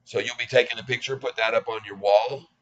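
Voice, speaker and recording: A man's voice: mid-range voice, fairly even intonation, quick pace, a bit bright, lo-fi sound. A man in his sixties giving casual stock market commentary in a folksy, cocky, self-mocking way. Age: 60s. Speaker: stock trading vlogger.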